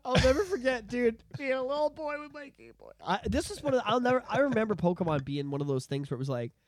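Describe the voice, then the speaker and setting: A man in his thirties hosting a podcast, telling nostalgic stories in an animated, profane, casual way. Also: extremely high pitch, quick pace. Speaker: podcast host.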